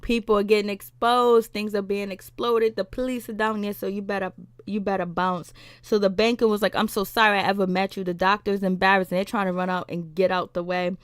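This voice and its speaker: A woman giving a casual, animated recap of a TV episode, retelling scenes with laughs and attitude, with some in her speech. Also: mid-range voice, brisk, clean tone, no room sound, clean studio sound. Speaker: TV recap vlogger.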